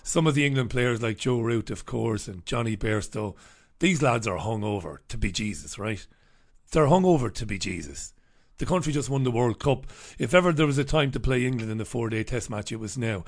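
A man's voice: mid-range voice, normal speed. A middle-aged man hosting a casual live stream, chatting and joking as he greets viewers by name. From Ireland.

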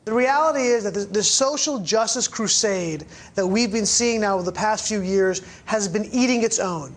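A woman's voice: medium pitch, moderate pace. A woman giving emphatic commentary in a news interview, often restarting her phrases.

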